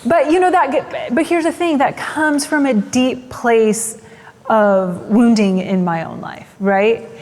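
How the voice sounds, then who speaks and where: A woman in her forties, a guest's wife, talking in an animated, casual way and quoting people as she goes. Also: a little high, slow, big-room sound. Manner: animated, laughing asides, quotes people. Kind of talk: casual interview talk.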